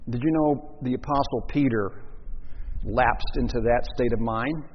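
A man's voice: medium pitch, a little slow, breathy edge, in a large hall, muffled recording. A man preaching a sermon, telling a story and acting out the voices of the people in it. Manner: storytelling, acts out quoted voices.

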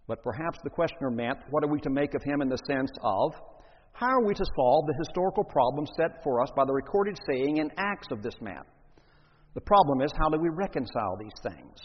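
A man with a slightly husky voice preaches a sermon, reading scripture aloud before expounding on it with deliberate emphasis. The recording is dull and lo-fi, with long reverb from a large hall. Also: medium pitch.

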